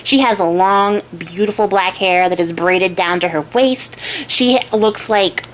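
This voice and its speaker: A woman's voice: medium pitch, unhurried, a little hiss or hum, poor audio. A young woman hosting a crafting channel, telling a folk tale in a chatty, casual way with frequent fillers. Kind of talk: casual storytelling.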